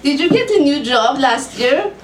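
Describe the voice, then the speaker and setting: A woman's voice: sits high, expressive, normal speed, pitched above the performer's own voice. A woman voicing a brusque older female psychic with a put-on Hebrew accent and clipped broken grammar. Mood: stern. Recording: echoey room, far mic, faint hum.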